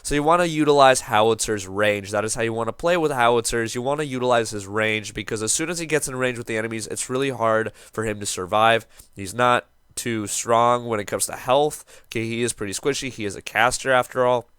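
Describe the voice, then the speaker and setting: A young man gives casual, upbeat commentary on how to play a game hero, joking around and poking fun at himself in a just-woken-up morning voice. His voice is medium-pitched, brisk, fairly bright, and clean, with few pauses in a dry recording.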